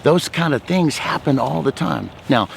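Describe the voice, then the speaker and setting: A man's voice: a little high, expressive, moderate pace, creaky, slight background noise. Talkative, outgoing man sharing faith stories. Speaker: ministry speaker. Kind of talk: faith testimony talk.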